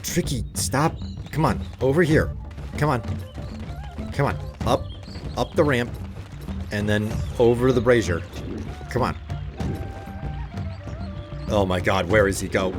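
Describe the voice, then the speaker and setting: A man's voice: mid-range voice, measured pace, pauses often. A man casually commenting on his gameplay in a rambling, hesitant, wry way. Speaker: let's play host. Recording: game music in background.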